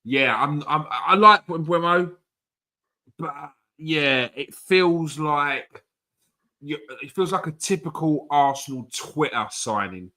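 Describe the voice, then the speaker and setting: Football podcast host, relaxed and thoughtful, bright clear tone. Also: male voice, on the high side, takes it slowly. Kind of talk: casual football chat.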